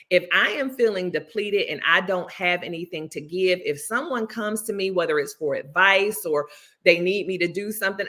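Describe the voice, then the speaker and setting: A woman's voice: medium pitch, bright, forceful tone. A woman life coach and author giving earnest, motivational advice in a livestream conversation.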